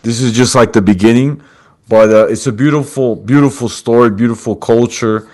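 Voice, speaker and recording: A man's voice: medium pitch, moderate pace, a little mellow. A man hosting a podcast over a video call, retelling a story with quoted lines and calling his guest brother. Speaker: podcast host. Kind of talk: casual storytelling chat.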